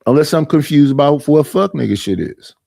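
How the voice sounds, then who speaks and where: A middle-aged man rants on a livestream, aggrieved and repetitive, going over the same point again and again. His voice is dark and mellow, and the sound is dry and close. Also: a little high, lively intonation, fairly quick, creaky, no room sound. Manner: aggrieved, repetitive, mimics others in quoted voices. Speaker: streamer. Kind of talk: casual livestream rant.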